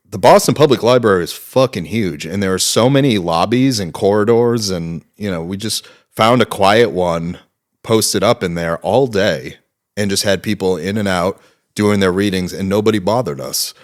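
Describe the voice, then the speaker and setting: A man in his thirties, a filmmaker guest in an interview, telling stories casually with lots of fillers and swearing. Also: low voice. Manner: rambling, profane storytelling with many fillers.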